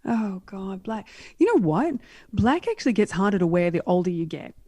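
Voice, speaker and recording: A middle-aged woman talking as a podcast guest, telling lively, emphatic stories with frequent restarts in a casual interview. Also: medium pitch, normal speed, breathy edge, dry recording, clean studio sound. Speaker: podcast guest, clothing stylist.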